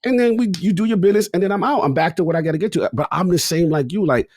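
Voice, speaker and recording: A man's voice: sits high, very fast. A man co-hosting a podcast, telling stories in casual, slangy chat. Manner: expressive storyteller in slang. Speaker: podcast co-host.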